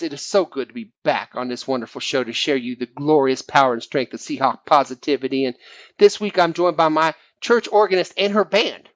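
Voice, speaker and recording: A man's voice: fairly high pitch, close to an everyday voice. A man voicing a self-appointed preacher who blesses his friends while slyly insulting them, in a sing-song preachy manner. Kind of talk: comic preacher impression on a fan podcast.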